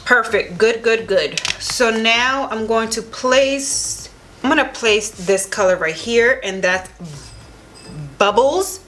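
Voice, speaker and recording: A woman's voice: fairly high pitch, slow pace, fairly bright tone. A young woman vlogger narrating a makeup tutorial, gushing and enthusiastic as she applies products. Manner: gushing, enthusiastic, talks while applying makeup. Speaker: beauty vlogger.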